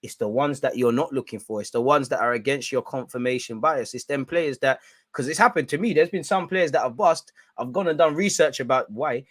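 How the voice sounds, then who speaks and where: A young man giving excitable, slang-filled banter on a live football watch-along stream. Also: mid-range voice, brisk, dry recording.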